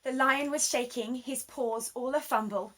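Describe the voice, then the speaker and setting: A woman reading a rhyming children's picture book aloud, with an expressive, sing-song delivery. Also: high voice, normal speed. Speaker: children's story reader. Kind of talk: rhyming storybook read-aloud.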